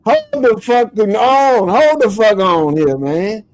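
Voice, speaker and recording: A man's voice: high-pitched, lively intonation, takes it slowly, crowd noise, poor audio. A man hosting a casual online call-in chat, laughing and playfully stirring the callers. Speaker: stream host.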